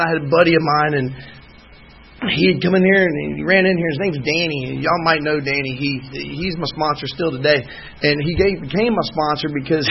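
A man's voice: on the high side, creaky, highs cut off, a little hiss or hum. A man gives a candid, rambling personal testimony at a recovery meeting, telling his story emphatically. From Georgia, US. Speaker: speaker sharing at a recovery meeting. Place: meeting room.

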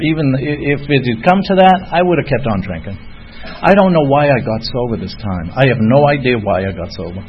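A middle-aged man sharing his drinking story at a recovery meeting, rambling and self-deprecating, with chuckles and fillers. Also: medium pitch. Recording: dull lo-fi recording with faint noise.

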